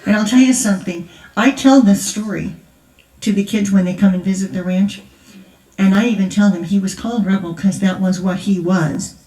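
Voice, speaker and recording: A woman's voice: mid-range voice, normal speed, dark tone. An older woman, a grandmother, speaking at a conference in a chatty, laughing storytelling manner. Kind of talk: storytelling testimony. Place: large church hall. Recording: echoey hall, voice from far off.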